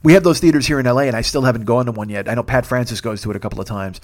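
A comedian telling a rambling, profane story in a casual podcast monologue, acting out what others said. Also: male voice, medium pitch, racing, darkish tone. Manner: rambling, profane, acts out quotes. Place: Los Angeles.

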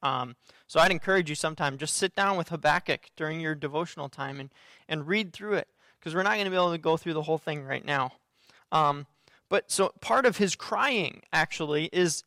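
A man's voice: a little high, pushed and bright, no echo, clean studio sound. A man giving a sermon as a pastor, earnest and conversational, with frequent fillers and restarts.

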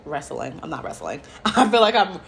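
A woman's voice: low-pitched, sing-song, normal speed, vocal fry, fairly bright tone. A woman in her thirties, a parent chatting casually as a podcast co-host, rambling with lots of "like" and acting out what others said. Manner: rambling, heavy use of "like", acts out quoted voices. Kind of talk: casual chat.

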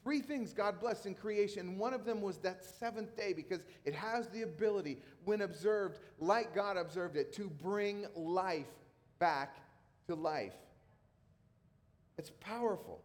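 A man's voice: sits high, unhurried. A middle-aged man who is a pastor, preaching a sermon in a casual, conversational way with emphatic repetition. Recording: long hall reverb.

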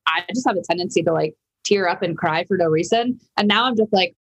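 A woman's voice: on the low side, fast, poor audio. A woman who is a podcast guest, chatting casually in a bubbly, emotional way with frequent laughter. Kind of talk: casual chat.

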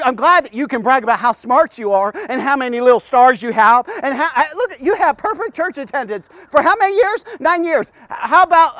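A man giving a rambling devotional talk, stammering and repeating himself with animated asides. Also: very high-pitched, no room sound. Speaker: devotional podcast host.

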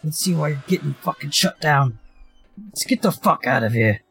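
A man's voice: a little high, lively intonation, moderate pace, creaky, fairly bright tone, slightly rough, faint music behind, exaggerated voice. A man voicing a hot-headed male fighter who swears and threatens constantly. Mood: furious. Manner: swearing, aggressive.

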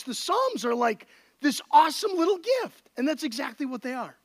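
A man preaching a sermon in an easygoing, conversational way, his voice sitting high and swinging widely in pitch. He sounds young and talks to the congregation like friends. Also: a bit bright. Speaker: pastor.

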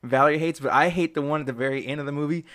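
A man's voice: fairly even intonation, racing, fairly bright tone. Laid-back man, casual movie chat. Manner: laid-back, acts out quotes in a higher voice.

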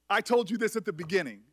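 A middle-aged man speaking at a hearing as a senator, emotional and halting, often restarting his sentences. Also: high voice, a bit bright, slightly rough. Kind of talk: emotional public address.

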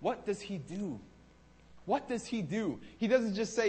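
A man preaching a sermon to a congregation, animated and dramatic, acting out the words of God and the Israelites. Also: high voice, a little slow. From Canada. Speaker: pastor.

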